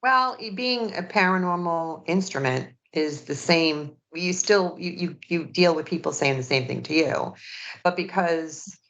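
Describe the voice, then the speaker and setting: A woman podcast host in relaxed, casual interview chat, giving frequent mm-hmms. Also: on the low side, a little slow. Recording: dull lo-fi audio.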